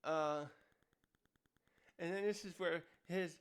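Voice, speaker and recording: Rambling man with a slightly high voice. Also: fairly even intonation, slow pace, clear, resonant tone. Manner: rambling, restarting sentences. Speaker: host. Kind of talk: casual commentary review.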